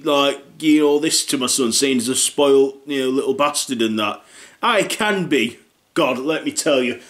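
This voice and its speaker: A middle-aged man with a Northern English accent delivering a rambling comedic character monologue, blunt and casually sweary. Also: on the high side.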